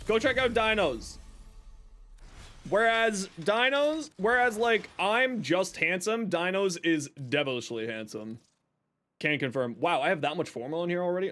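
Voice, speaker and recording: This streamer's voice is high-pitched, expressive, and fairly bright, and he speaks a little slowly. While gaming on a livestream, he chatters casually with his viewers, wandering off topic and poking fun at himself.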